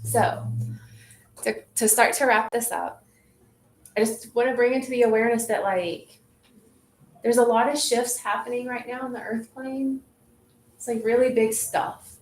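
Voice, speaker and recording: A woman leading a group in a relaxed, reflective way, often saying "like". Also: on the high side, unhurried, long pauses. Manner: relaxed, reflective, says "like" a lot. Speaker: group facilitator. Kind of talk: casual wellness group talk. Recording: echoey room, faint noise.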